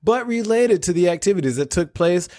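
A pompous male TV news anchor, as a man puts him on for laughs, reading the news with a lively, swooping delivery. The sound is dry and close. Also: high voice, a little fast, no echo, pitched above the performer's own voice. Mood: mock formal.

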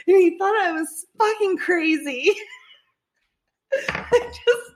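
A young woman telling a story in casual chat, animated, swearing freely and often laughing. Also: very high voice, moderate pace.

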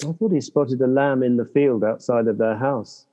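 A man's voice: mid-range voice, normal speed, dark tone, in a large hall, dull audio. A man co-hosting a podcast, easygoing and hesitant as he guesses answers in casual chat. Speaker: podcast co-host.

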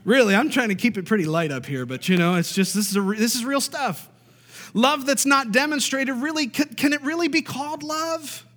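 A pastor preaches with a high-pitched, emphatic, fairly quick and somewhat bright delivery, repeating points to drive them home and calling for amens. His voice rings out with the long reverb of a large church hall.

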